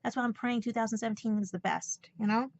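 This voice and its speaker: A woman's voice: a little high, steady tone, fast talker, dry recording, lo-fi sound. A woman with a New York accent talking emotionally in a rambling personal vlog, holding back tears. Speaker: vlogger.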